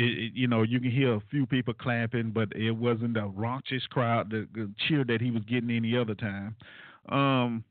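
A man hosting a call-in radio talk show, commenting alone in a casual, animated way with many fillers and asides to his listeners. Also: mid-range voice, dry recording. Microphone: phone line. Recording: tinny phone-line radio, dry.

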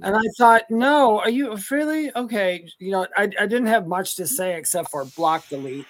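A man's voice: sits high, steady tone, normal speed, fairly bright tone. A man co-hosting a live paranormal chat show, talking in an easygoing, rambling way with restarts. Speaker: co-host, psychic medium. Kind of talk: casual live-stream chat.

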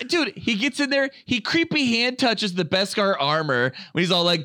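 A man co-hosting a casual podcast, talking excitedly and swearing freely as he rattles off fan lore. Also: sits high, normal speed, hardly any pauses, no echo, studio quality. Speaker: podcast co-host.

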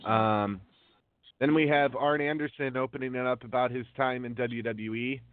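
A man's voice: medium pitch, fairly even intonation, normal speed, no echo. A man hosting a wrestling news podcast in casual chat. He reads long lists of names unhurriedly, with many ums. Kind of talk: casual talk show chat. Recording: tinny phone-line audio.

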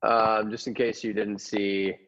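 A laid-back man chatting with friends in easygoing slang. His voice sits a little low, and the sound is dull and lo-fi. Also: level tone, measured pace, fairly bright tone. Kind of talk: casual group chat. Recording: dull lo-fi audio.

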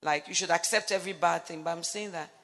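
Woman preacher, middle-aged, sharp bright tone, acts out stories, big reverby hall. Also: lowish voice, quick pace. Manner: animated storytelling, acts out dialogue, breaks into laughs. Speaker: preacher speaking on marriage. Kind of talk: sermon.

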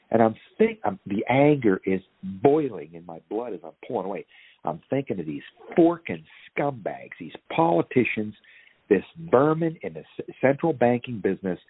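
A guest activist on a podcast rants with fiery intensity in a husky, low voice, his pitch swinging widely as he drives home each point. Very animated at a moderate pace, he sounds thin and tinny like a phone line, dry and close with no room sound, in an impassioned interview.

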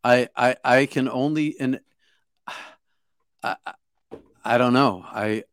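A man recounting his near-death experience as an interview guest, halting with many restarts and repeated words. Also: medium pitch, smooth. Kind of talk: emotional first-person storytelling.

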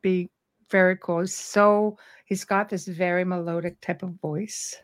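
A middle-aged woman hosting a live talk show, chatting casually with a robust, lively way of speaking and frequent laughter. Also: on the low side, a little slow. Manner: robust, animated, laughs often. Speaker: radio show host.

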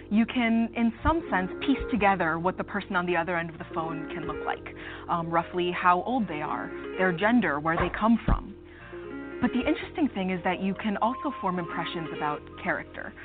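A woman psychologist explaining ideas in a measured, clear way during an interview clip. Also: lowish voice. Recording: tinny clip with music behind.

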